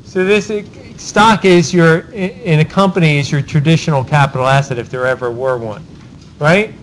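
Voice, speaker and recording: High-voiced professor firing questions. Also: male voice, slight background noise, rough recording. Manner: rapid cold-calling of students, tag questions like "right?". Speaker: law professor. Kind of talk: Socratic classroom lecture. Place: university classroom.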